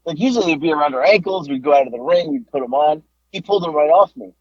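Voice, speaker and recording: Animated laughing man telling a story. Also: on the high side, fast talker, no echo, dull audio. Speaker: podcast co-host, wrestler. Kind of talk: casual storytelling chat.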